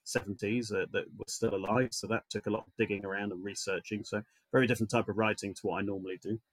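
An actor and writer chatting as a podcast guest, jokey and full of fillers. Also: male voice, lowish voice, fairly even intonation, fast talker, dry recording, poor audio. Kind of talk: casual chat.

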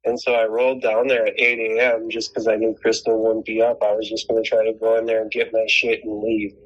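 A man's voice: on the low side, completely flat delivery, fairly quick, husky, muffled recording. A man telling a long personal story in casual chat, rambling and swearing, with many restarts. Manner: rambling, profane, frequent restarts.

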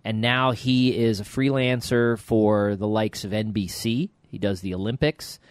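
A middle-aged man co-hosting a podcast, chatting casually and telling stories with animated quotes. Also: on the low side, a little slow, clean tone, dry recording. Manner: lively storyteller, animated quotes. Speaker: podcast co-host.

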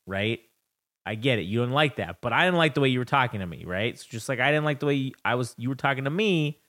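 A man's voice: medium pitch, fairly bright tone. A young man co-hosting a podcast, telling a rambling, profane story about raising his daughter in casual chat. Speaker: podcast co-host.

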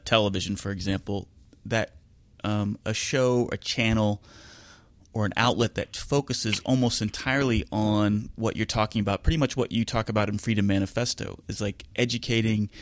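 A man with a lowish voice hosts an interview, asking long, rambling questions in a casual way. His voice is recorded close and dry, with no room echo. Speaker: interview host.

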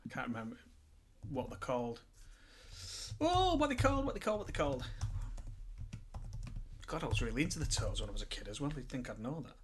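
A man's voice: mid-range voice, big pitch swings, fast talker, pauses often, breathy edge. A man co-hosting a casual film review podcast, retelling stories with jokey mock outrage.

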